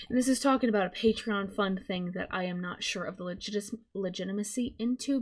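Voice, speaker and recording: A young woman from the Southern United States giving live-streamed commentary, her voice strained from hours of talking, rambling and correcting herself as she goes. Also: mid-range voice. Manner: rambling, self-correcting, casual. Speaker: streamer commenting on online drama.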